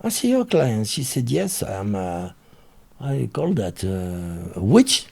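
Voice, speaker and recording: A man with a French accent, a native French speaker, telling a story as an interview guest in an animated way and pausing to search for English words. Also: on the low side, creaky, slightly rough.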